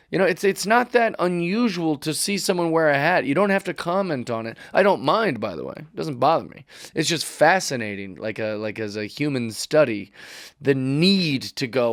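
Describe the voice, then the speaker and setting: A man's voice: fairly high pitch, expressive, normal speed, dry recording. A man, a comedian hosting his own podcast, talks in a rambling, wry, self-mocking way into a studio mic while wearing headphones. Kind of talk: casual podcast monologue.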